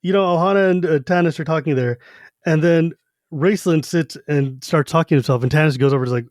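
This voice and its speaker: Fantasy book podcast dude, retells scenes all slangy and laughing, kinda high voice, dry close mic. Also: male voice, brisk, dry recording. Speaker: podcast co-host. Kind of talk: casual book discussion podcast.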